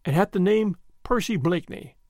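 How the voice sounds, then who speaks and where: Brief: loyal young English gentleman in an audiobook, read by a male narrator, low, measured, earnest and quiet. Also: no room sound, studio quality, lightly acted. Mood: grave.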